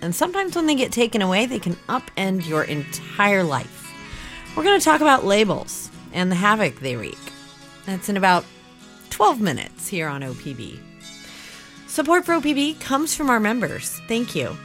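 A female station announcer reads promos and sponsor credits, her pitch rising and falling in an animated way. Faint music sits quietly under her studio read. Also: normal speed. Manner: warm, lively announcer reading. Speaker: public radio station announcer.

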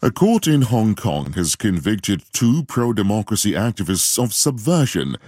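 A man reading a radio world news bulletin in a measured, formal delivery. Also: lowish voice, very animated, darkish tone, slightly rough, no echo, studio quality. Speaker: newsreader.

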